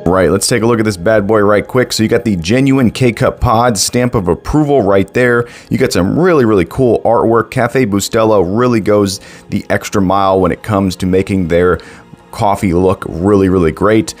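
Upbeat low-voiced man reviewing coffee. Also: moderate pace, faint music behind. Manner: upbeat and enthusiastic, playful asides. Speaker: coffee reviewer and show host. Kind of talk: casual product review vlog. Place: at home, indoors.

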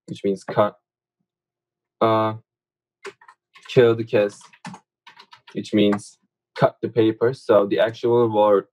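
A young man with a somewhat low voice teaches Turkish verbs in a relaxed, unhurried online lesson. His first language is Turkish, and his explanations wander through fillers and self-corrections. Keyboard typing clicks now and then behind him. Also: highs cut off. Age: young adult. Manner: informal, many fillers, corrects his own slips.

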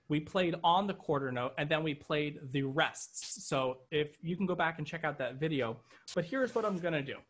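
A man teaching an online drum lesson, explaining patterns step by step and checking in with "okay" as he goes. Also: fairly high pitch. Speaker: drum instructor. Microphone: video call. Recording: drums loud behind voice. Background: drum kit playing.

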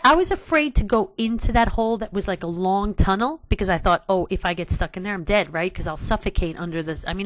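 A woman's voice: mid-range voice, no room sound. A woman hosting a casual let's play, talking to her viewers in an exasperated way and sighing often. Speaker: gaming channel host.

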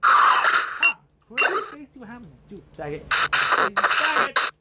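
Woman cursing at a video game, loud noise behind. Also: a little high, very animated, moderate pace. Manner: cursing, trash-talking the game; frustrated muttering. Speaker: gameplay streamer. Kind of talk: casual profane game commentary.

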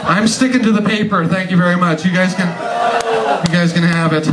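A man performing stand-up comedy magic for a live audience, teasing them with quick joking asides. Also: sits high, distant mic, a loud crowd, heavy background noise. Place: live show venue. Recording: roomy live stage sound from off-mic, loud audience. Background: audience laughing.

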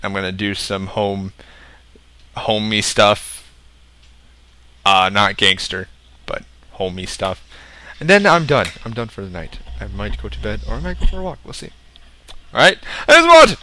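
A young man casually commenting on his own gameplay, rambling and joking, with sudden loud outbursts. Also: on the low side, a little slow, pauses often. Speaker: gaming video host.

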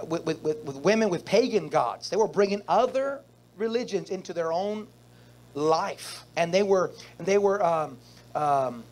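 A man with a notably high voice delivers a sermon at an unhurried pace. He repeats phrases for effect and calls out to the congregation, drawing answers back from the pews. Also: slight background noise. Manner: repetitive preaching with call-and-response to the congregation. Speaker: pastor. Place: church service.

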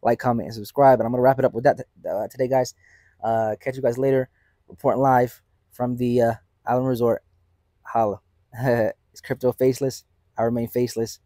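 A man hosting his own crypto channel, talking off the cuff in an animated, emphatic way and often tagging "right?" onto his points. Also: mid-range voice, fairly quick, no echo. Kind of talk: casual unscripted market commentary.

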